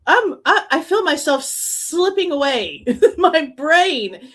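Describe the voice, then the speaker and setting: High-voiced, exasperated woman stream host. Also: big pitch swings, extremely slow, fairly bright tone. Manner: exasperated, sarcastic, swearing; laughs often. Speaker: true crime stream host. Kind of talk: live reaction commentary.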